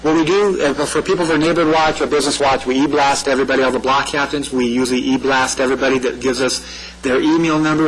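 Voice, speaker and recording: A man's voice: medium pitch, rough recording. A man giving a community presentation on public safety, talking in a loose conversational way that often checks in with "right?". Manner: conversational, repeats himself, asks "right?". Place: meeting room.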